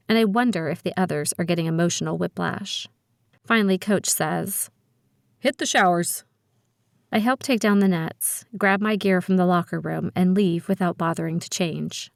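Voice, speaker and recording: Woman reading a teen thriller audiobook, first person, lowish voice, dry close sound. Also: normal speed, vocal fry, no echo. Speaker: audiobook narrator. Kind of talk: first-person scripted narration.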